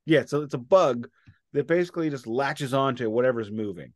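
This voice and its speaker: A man's voice: medium pitch, a little fast, dry recording, studio quality. A man co-hosting a casual album-review podcast, opinionated and prone to digressions. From United States. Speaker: podcast co-host. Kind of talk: casual music review chat.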